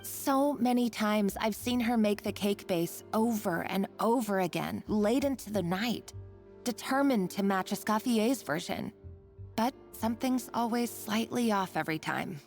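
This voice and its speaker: A woman's voice: medium pitch, unhurried, close to an everyday voice. A woman voicing a concerned young female colleague in a game, speaking earnestly and thoughtfully over game music. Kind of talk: game dialogue.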